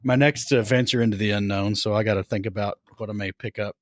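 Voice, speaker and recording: A man's voice: lowish voice, fairly even intonation, quick pace, dry recording. A man hosting a casual hobby podcast, talking in a laid-back way with dry humor. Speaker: podcast host.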